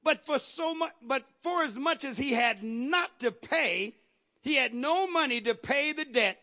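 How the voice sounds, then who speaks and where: A man's voice: very high-pitched, animated, a little slow, bright, forceful tone. A man preaching a sermon, retelling a scripture story emphatically, repeating phrases and calling out to the congregation. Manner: emphatic, repetitive, calls out to the congregation.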